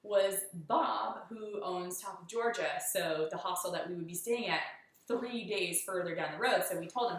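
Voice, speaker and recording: A woman's voice: lowish voice, normal speed, very echoey, recorded from a distance, low-quality recording. A woman chatting casually through an after-show recap of a hike. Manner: chatty storytelling. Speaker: hiker vlogger.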